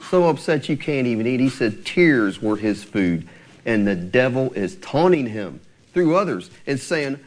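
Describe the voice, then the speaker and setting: A man's voice: medium pitch, sing-song, measured pace. A male pastor preaching a sermon, asking his congregation rhetorical questions.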